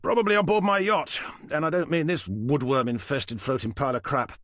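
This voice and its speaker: A man's voice: on the high side, a little fast, a bit bright, no echo, studio quality, pitched above the performer's own voice, lightly acted. A man reading an audiobook voices a disdainful, idle older man who talks in a sneering, mocking way.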